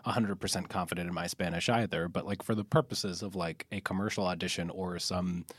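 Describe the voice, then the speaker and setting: Young man, podcast host, low voice, reflective, halting restarts, dry close sound. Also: steady tone, breathy edge, no room sound. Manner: reflective, halting with many restarts, laughs easily. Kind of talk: casual interview chat.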